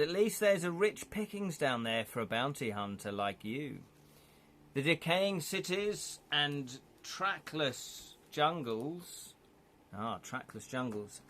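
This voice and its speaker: A man's voice: fairly high pitch, fairly bright tone, slight background noise. A man streaming live, reading an interactive gamebook aloud and chatting to viewers, laughing often.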